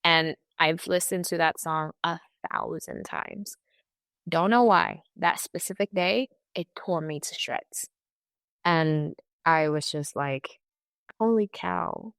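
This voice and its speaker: A young woman with a low, smooth voice, recorded close and dry. She speaks candidly and haltingly, stopping to restart and slipping into quoted asides. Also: fairly bright tone, no room sound. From California. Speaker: interview guest. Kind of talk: candid personal account.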